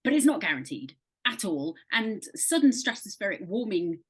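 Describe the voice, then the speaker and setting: A woman's voice: mid-range voice, sing-song, moderate pace, slightly rough. A British woman presenting weather in casual chat, explaining things in a playful way and laughing a lot. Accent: British English.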